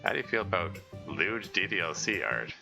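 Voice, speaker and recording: A man voicing a young man who asks casual interview questions in a dry, deadpan way. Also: sits low, fairly quick, creaky, music in the background, exaggerated voice.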